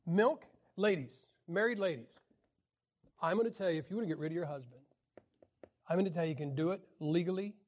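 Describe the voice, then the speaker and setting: Man, high voice, wry Bible teacher; lectures with jokes, clears throat a lot. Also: brisk, pauses often. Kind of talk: joking classroom lecture.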